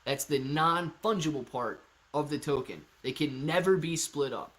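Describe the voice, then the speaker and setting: A man hosting a live stream, answering viewer chat in a casual, energetic and hyped way, calling people man and dude. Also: on the high side, moderate pace. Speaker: livestream host answering chat.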